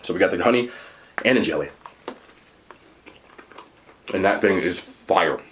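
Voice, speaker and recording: A man talking casually while eating and reviewing fast food, chatty and animated, pausing to chew. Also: low-pitched, slight background noise.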